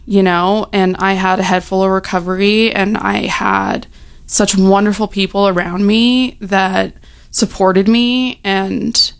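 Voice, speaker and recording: A young woman speaks openly about her own life, her mid-pitched voice catching in a gravelly fry. She talks in a frank, heartfelt way, leaning on "you know" and "like", and at times she sounds close to tears. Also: measured pace. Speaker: recovery storyteller. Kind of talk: personal testimony, casual.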